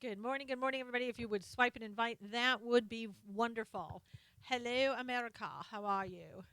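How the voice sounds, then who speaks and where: A woman's voice: fairly high pitch, brisk, a bit bright, clear, resonant tone, no room sound. A woman hosting a casual live stream, chatting, greeting viewers by name and reading their comments aloud, often trailing off with fillers.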